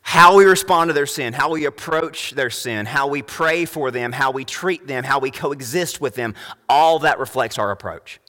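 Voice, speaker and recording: A young adult man preaching a sermon as pastor, emphatic, rising to loud high peaks. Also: normal speed, in a large hall.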